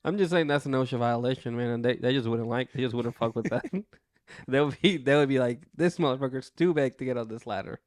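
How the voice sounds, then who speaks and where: A man's voice: medium pitch, quick pace, no room sound, clean studio sound. A man co-hosting a casual wrestling podcast, laid-back, swearing freely and laughing often. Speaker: podcast co-host.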